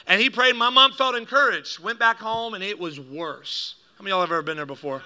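A man preaching a sermon to a congregation, telling a family story with lively acted-out quotes and laughter at his own jokes. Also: high-pitched, a little fast, smooth. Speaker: pastor.

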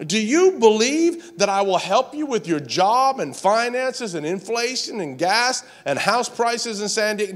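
A man preaching a sermon, passionate and repetitive, building to shouts. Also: high-pitched. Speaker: pastor.

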